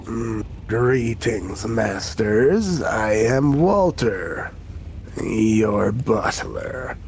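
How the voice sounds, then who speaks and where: A man's voice: fairly low pitch, lively intonation, drawn-out words, creaky, a little mellow, slight background noise, voice pushed down, exaggerated voice. A man doing a snooty imp butler. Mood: sneering. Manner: pompous, sniffing and haughty. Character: snooty male imp butler, sneering and proud.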